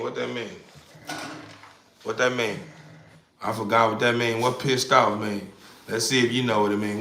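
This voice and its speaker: Gravelly-voiced man ranting to his chat. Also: mid-range voice, sharp tone, slight background noise. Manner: rambling, repeats the same questions, crude slang. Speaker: livestreamer. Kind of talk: profane ranting to a live chat.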